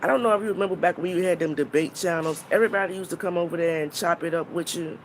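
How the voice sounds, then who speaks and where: A woman with a fairly low-pitched voice talks fast on her live stream, blunt and mocking toward her viewers and swearing freely. She pauses to greet chat members, and a slight hiss or hum sits under the audio.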